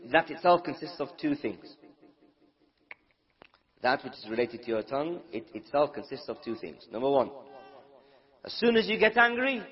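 Man, preacher, lecture to an audience, slightly higher voice, muffled lo-fi recording. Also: long reverb tail. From United Kingdom. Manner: asks the audience questions, acts out everyday quarrels. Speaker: Islamic preacher. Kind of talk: religious lecture to a live audience. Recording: dull lo-fi recording.

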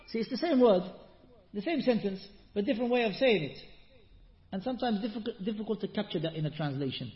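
A man giving an Islamic lesson, explaining verses and reciting Quran passages, animated, with rising rhetorical questions. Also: high voice, normal speed. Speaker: Islamic teacher. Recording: echoey hall, muffled lo-fi sound.

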